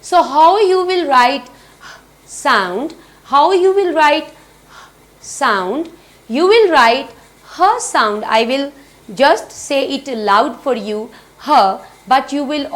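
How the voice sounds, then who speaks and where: Woman, phonics teacher, high voice, slow and repetitive, quizzes the children. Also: lively intonation. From Pakistan. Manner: slow, repetitive, asks and answers own questions.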